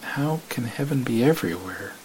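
A man's voice: mid-range voice, animated, normal speed, darkish tone, slight background noise, voice pushed up, lightly acted, low-quality recording. A man voicing a scared young man who asks shaky, stammering questions. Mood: pleading.

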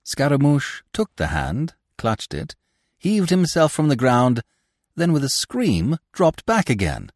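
A man narrating a classic novel for a podcast in a theatrical, expressive manner, close to the mic. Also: medium pitch, takes it slowly, no echo.

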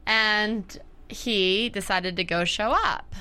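A woman co-hosting a casual chat, talking fast and acting out scenes in quoted voices. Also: mid-range voice, pushed and bright, clear, resonant tone. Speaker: co-host.

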